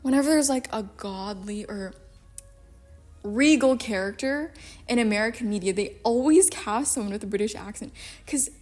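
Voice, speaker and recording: A young adult woman giving casual film commentary in a profane, sarcastic, animated way. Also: on the high side, normal speed, soft background music. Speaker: YouTube commentator.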